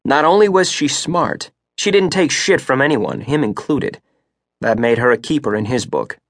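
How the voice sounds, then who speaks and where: A male audiobook narrator reads in a steady, measured mid-range voice. The recording is dry and close, with no room sound. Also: medium pitch, no echo. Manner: steady, measured, rising for action beats. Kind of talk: scripted narration.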